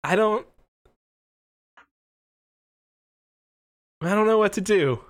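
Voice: medium pitch, animated, measured pace, fairly bright tone, voice pushed up. A tabletop player voicing a nervous young boy trainer who sounds anxious and pleading. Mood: worried. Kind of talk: tabletop role-play.

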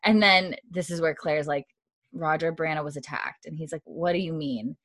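A woman's voice: moderate pace, no echo, clean studio sound. Woman casually retelling a TV episode. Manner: retells dialogue in a hushed, lowered voice with frequent "like". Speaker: podcast co-host recapping a TV episode. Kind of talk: casual chat, retelling scenes with quoted lines.

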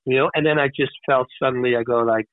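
A man on a podcast, telling personal stories in a lively, animated way and acting out the voices of the people in them. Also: medium pitch, quick pace, dry recording. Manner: animated storyteller who acts out voices. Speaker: podcast guest. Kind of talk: casual storytelling. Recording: tinny phone-like dry sound.

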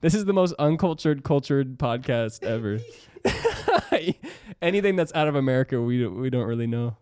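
A man's voice: mid-range voice, expressive, moderate pace, darkish tone, smooth, dry recording, clean studio sound. A young man in casual podcast chat, laid-back and saying "bro" a lot.

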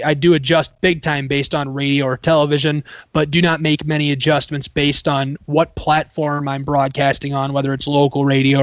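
A man's voice: a little high, no room sound. A man who works as a sports play-by-play commentator, chatting in an interview and explaining his craft with worked examples and restarts. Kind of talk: casual interview talk. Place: Michigan area. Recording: dry, dull lo-fi sound.

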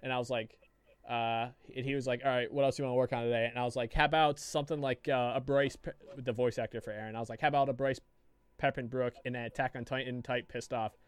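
A man co-hosting a casual podcast, his voice smooth and resonant. He rambles through a story, swearing freely and restarting his sentences, and the sound is close and dry. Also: mid-range voice, fairly even intonation, fast, no room sound. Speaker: podcast co-host.

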